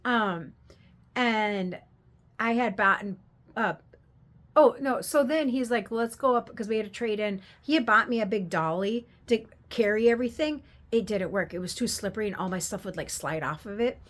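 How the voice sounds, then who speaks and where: A woman's voice: mid-range voice, normal speed, a bit bright. An older woman telling a candid, rambling story in a casual vlog, laughing at her own mishaps. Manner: rambling, candid, self-deprecating, laughs while telling stories. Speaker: craft vendor vlogger.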